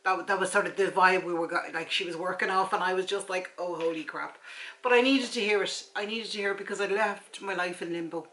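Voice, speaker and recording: A woman's voice: fairly low pitch, steady tone, brisk, a bit bright, slight background noise, low-quality recording. A woman in her forties with an Irish accent, chatting casually to camera at home and retelling a conversation with a friend. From Ireland. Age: 40s. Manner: chatty storytelling, acts out friend's replies. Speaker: vlogger. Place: her house, front room. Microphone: camera mic.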